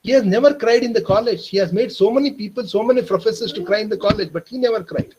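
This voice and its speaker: A man with an Indian English accent training teachers, telling a story earnestly and calling listeners "my dear friends", dropping softer for tender moments. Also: high voice, lo-fi sound, background noise. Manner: slows and softens for emotional moments. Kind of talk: storytelling lecture. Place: online training session.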